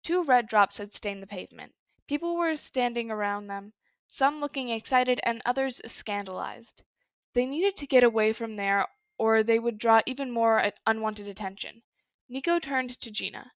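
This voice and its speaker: A woman reading a story aloud in a plain, even manner with small slips. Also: on the high side, normal speed, no room sound, highs cut off. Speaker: story reader. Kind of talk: reading fan fiction aloud.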